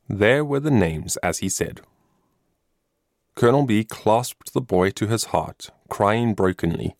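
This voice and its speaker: Low gravelly male storybook narrator. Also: animated, a little slow, no echo, studio quality. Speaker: audiobook narrator.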